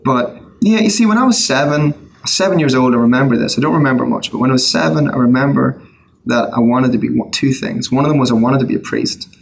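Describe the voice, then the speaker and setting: A middle-aged Irish man, a songwriter, telling his personal story in a casual interview, earnest with quick asides and restarts. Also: medium pitch, vocal fry, slightly rough, poor audio. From Ireland. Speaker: guest, worship songwriter.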